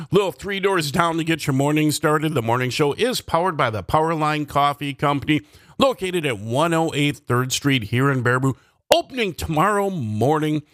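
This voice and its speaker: A man's voice: fairly high pitch, a bit bright, no echo, studio quality. A man hosting a morning radio show, talking in a chatty, upbeat way. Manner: upbeat, chatty, laughs easily. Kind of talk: casual radio DJ chat. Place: radio studio. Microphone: studio microphone.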